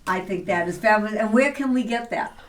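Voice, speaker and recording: A woman's voice: medium pitch, fairly quick, distant mic. A woman hosting a talk show interview, upbeat and gushing, laughing often. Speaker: host.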